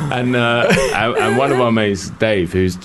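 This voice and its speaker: A man with a London accent co-hosting a casual podcast, telling relaxed, dry anecdotes. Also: mid-range voice. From England. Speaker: podcast co-host.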